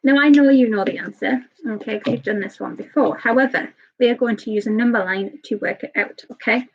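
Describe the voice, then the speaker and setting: A woman teaching a live online maths lesson to young children, patient and a little nervous, checking in with "okay?" often. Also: fairly high pitch. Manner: patient, repeats "okay?" often, talks a bit fast and nervous. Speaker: early years teacher. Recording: slightly dull lo-fi sound.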